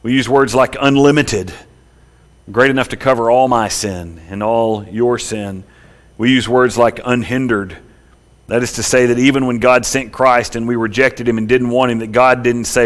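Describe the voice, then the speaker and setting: A man pastor preaching a sermon, swelling loud and high at the peaks and dropping quiet and slow in the tender parts. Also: steady tone. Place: church sanctuary.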